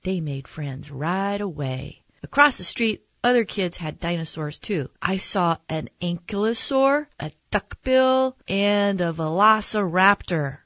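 A woman reading a children's picture book aloud in a gentle, expressive storytelling manner. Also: fairly low pitch, unhurried, hardly any pauses, dry recording, dull audio. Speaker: narrator.

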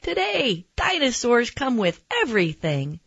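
Brief: a bright, chirpy storybook nurse, pitched high, breathy, as a woman reader puts her on. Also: big pitch swings, measured pace, no echo, highs cut off, exaggerated voice. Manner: chirpy, upbeat. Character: cheerful nurse handing out prizes. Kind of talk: storybook reading.

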